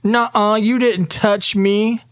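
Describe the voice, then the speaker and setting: A man voicing a crowd of excited little children at a daycare, shrill and giggly. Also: takes it slowly, clear, resonant tone.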